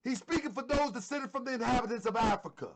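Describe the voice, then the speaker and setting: A man's voice: very high voice, fast, creaky, slight background noise. A man hosting an online show, giving fervent religious commentary and repeating phrases for emphasis. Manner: fervent, sometimes shouting.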